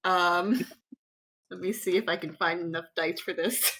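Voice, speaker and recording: Woman player, unhurried, nervous and giggly. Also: on the low side, fairly even intonation, a bit bright, husky, rough recording. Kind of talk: tabletop game play.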